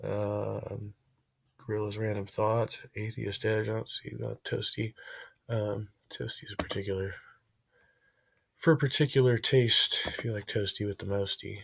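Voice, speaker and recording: A man's voice: on the low side, flat delivery, normal speed, creaky, breathy edge. A man hosting a casual livestream chat, rambling and self-deprecating, filling his talk with "you know" and "like". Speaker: livestream host.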